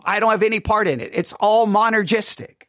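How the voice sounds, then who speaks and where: A man's voice: sits high, fairly quick, fairly bright tone, no room sound, studio quality. A man giving an earnest late night devotional talk as a pastor, repeating and correcting himself as he goes. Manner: earnest, repetitive, self-correcting.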